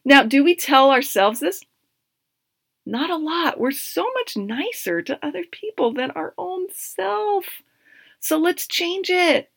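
A woman's voice: sits high, expressive, takes it slowly, gravelly, fairly bright tone, no echo. A woman in her thirties, a coach hosting her podcast, who talks upbeat and encouraging straight to her listeners. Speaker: podcast host, life coach. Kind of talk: motivational solo podcast talk.

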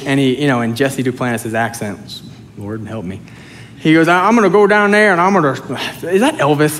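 Male pastor, sermon, animated, joking, raised pitch, faint room noise. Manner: animated and joking, swings between loud and soft. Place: church sanctuary with congregation.

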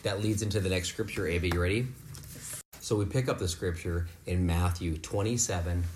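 A man leading a home Bible lesson for his kids, explaining scripture in a relaxed, conversational way. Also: low-pitched, a little fast, a little hiss or hum. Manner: rises to loud, fervent preaching, then talks softly and warmly with kids. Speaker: father leading a family devotion. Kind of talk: preaching to children at home.

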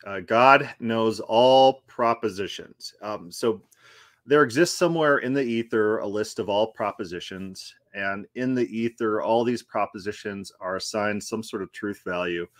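Low-voiced man critiquing casually. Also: unhurried, dry recording, clean studio sound. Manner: conversational, restarts, laughs while critiquing. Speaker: host. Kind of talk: casual commentary.

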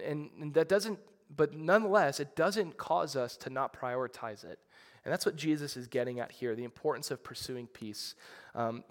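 A man preaching a sermon in a conversational, animated way, with frequent restarts and asides. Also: mid-range voice, in a large hall. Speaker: pastor.

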